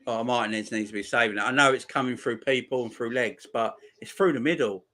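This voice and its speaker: A man in his forties, talking through a live football watchalong. He is chatty and excitable and keeps up a running banter with his viewers. His voice sits at an ordinary middle pitch. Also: a little fast. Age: 40s. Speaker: streamer.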